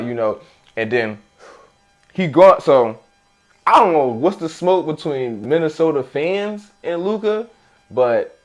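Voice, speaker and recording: A man co-hosting a casual sports podcast, telling game stories in animated slang and repeating his catchphrases, with a Philadelphia accent. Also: medium pitch. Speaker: podcast co-host.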